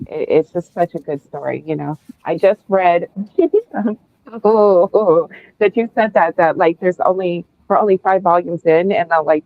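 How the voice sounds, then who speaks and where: A woman's voice: fairly low pitch, gravelly, dry recording. Woman ranting about books, swears a lot, sounds like a thin phone line, really dry. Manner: blunt, profane and emphatic when ranting. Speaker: book club host. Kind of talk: casual podcast discussion. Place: remote video call.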